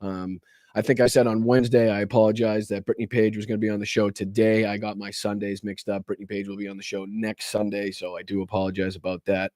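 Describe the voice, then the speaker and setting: A man's voice: on the low side, level tone, quick pace, darkish tone, no room sound. Boston guy with a chest cold doing a live stream, stuffy, swears a lot, dry close sound. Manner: loose and profane, greeting chat viewers by name. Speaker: podcast and live stream host. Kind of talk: casual live stream chat.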